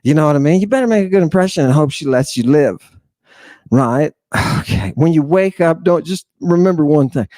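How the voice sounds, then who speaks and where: Male lecturer, slightly high voice, irreverent and jokey, dry close sound. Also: animated, a little fast, mellow, no echo. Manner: irreverent, joking, talks over himself and restarts. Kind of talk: casual livestream lecture.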